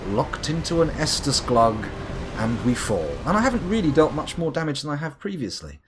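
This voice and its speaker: A man's voice: on the high side, big pitch swings, moderate pace, over music. A man from the UK streaming a game live, rambling and theatrical, swearing and talking to the boss. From United Kingdom. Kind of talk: live gameplay commentary.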